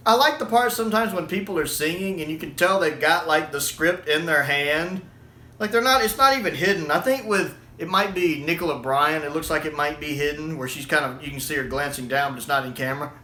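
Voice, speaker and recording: A man with a slightly high, sharp voice speaks a little fast in an echoey room while casually reviewing a video. He's chatty and laughs often between remarks, repeating himself and correcting what he says.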